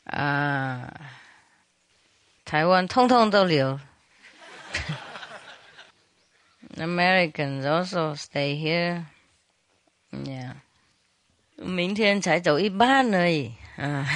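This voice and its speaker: A woman teacher with a low voice gives an informal talk to a retreat audience, playfully teasing them, laughing often, and switching between English and Chinese. The recording has no echo.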